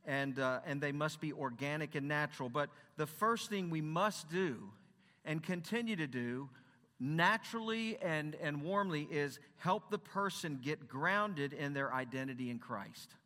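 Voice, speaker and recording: Earnest preacher in a reverberant hall. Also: male voice, a little high, expressive, a little slow, pushed and bright. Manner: earnest and conversational, with rhetorical questions. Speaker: Christian counselor and former pastor. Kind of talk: conference sermon talk. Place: stage in a large hall.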